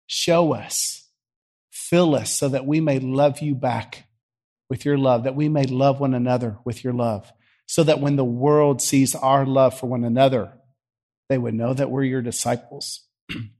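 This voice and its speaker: Folksy Southern pastor preaching. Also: male voice, mid-range voice, darkish tone. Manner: folksy, teasing, conversational preaching. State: worn out by allergies. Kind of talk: sermon and prayer. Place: church sanctuary.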